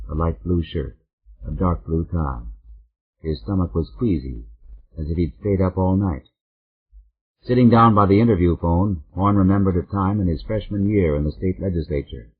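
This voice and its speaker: A man reads a mystery novel in a steady, measured voice, low in pitch and husky. The sound is narrow and phone-like. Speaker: audiobook narrator. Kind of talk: scripted narration.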